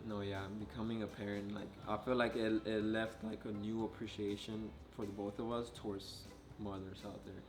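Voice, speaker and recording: A young man, a new father, chatting casually in a vlog, relaxed and rambling with lots of filler words. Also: fairly low pitch, moderate pace, hardly any pauses, over music. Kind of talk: casual chat.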